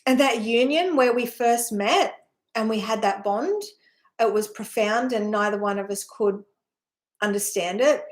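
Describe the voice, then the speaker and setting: A spiritual teacher with a higher-pitched voice speaks a little slowly as she shares her personal story in a heartfelt, rambling talk. She is earnest and emotional, sighing often and frequently checking in with "right?".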